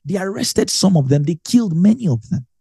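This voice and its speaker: A man delivers a Bible teaching with a slightly husky, mellow voice that sits fairly high for a man. He is emphatic and lively, repeating key lines again and again to drive them home. The sound is close and dry. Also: a little fast, no room sound. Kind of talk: sermon teaching.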